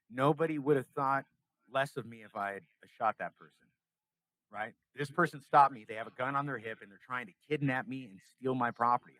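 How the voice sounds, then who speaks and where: A man's voice: mid-range voice, a bit bright, dry recording, poor audio. A young man from California, a podcast guest, telling a story in casual interview talk and acting out the dialogue.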